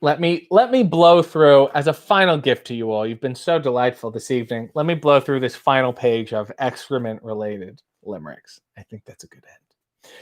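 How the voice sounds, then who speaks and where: A man's voice: mid-range voice, moderate pace. A middle-aged man hosting a casual live stream, reading out viewer comments and bawdy limericks with a playful sing-song lift. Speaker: host.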